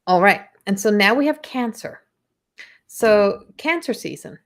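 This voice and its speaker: A woman's voice: mid-range voice, lively intonation, unhurried. A middle-aged woman, giving a live astrology reading in a chatty way, often repeating herself and acting out inner voices. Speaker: astrology reader.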